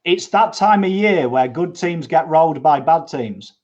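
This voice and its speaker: A man's voice: fairly high pitch, animated, a little slow, a little mellow. A man co-hosting a casual footy chat, with laid-back, joking banter. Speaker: co-host. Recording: muffled lo-fi remote line.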